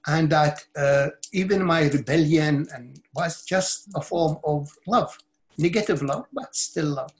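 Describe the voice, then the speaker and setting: A middle-aged man speaking as a spiritual teacher in an interview, his voice sitting a little above the usual male pitch. He recounts his own experience earnestly and intensely, stumbling into restarts and repeated words as he searches for the right phrase. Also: measured pace. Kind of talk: personal storytelling in an interview.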